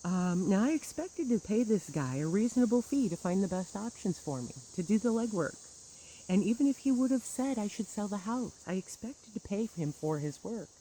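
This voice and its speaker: A woman's voice: medium pitch, animated, moderate pace, warm tone, a little hiss or hum, rough recording. A woman telling a personal grievance story in a bitter, sarcastic monologue with wry laughs. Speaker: churchgoer recounting grievances.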